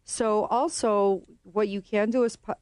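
A woman's voice: mid-range voice, fairly even intonation, measured pace, a little mellow, smooth, no echo. A woman speaking as a real estate guest in a radio studio, chatty and explanatory. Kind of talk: radio interview.

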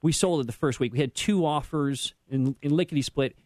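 A man's voice: fairly high pitch, a little fast, darkish tone, no echo. A man speaking as a realtor guest on a radio show, giving advice in a rambling way with many restarts.

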